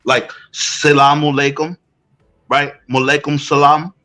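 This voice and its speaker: A man's voice: a little high, level tone, measured pace, bright, forceful tone, soft background music, rough recording. A man giving a heated commentary rant, emphatic and preachy, firing off rhetorical questions. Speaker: online commentator.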